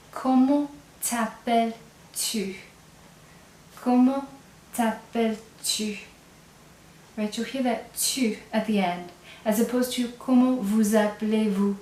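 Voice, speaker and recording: A woman teaching a language lesson, explaining step by step and repeating example phrases slowly. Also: medium pitch, darkish tone, far from the mic, slight background noise. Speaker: French teacher. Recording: echoey room, voice away from mic.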